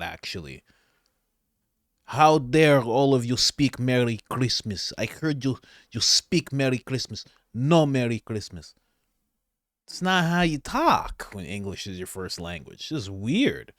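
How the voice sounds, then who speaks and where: Sarcastic animated male commentator. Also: mid-range voice, unhurried, no room sound, clean studio sound. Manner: sarcastic, animated, laughs often. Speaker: political commentary host. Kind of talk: opinionated commentary over clips.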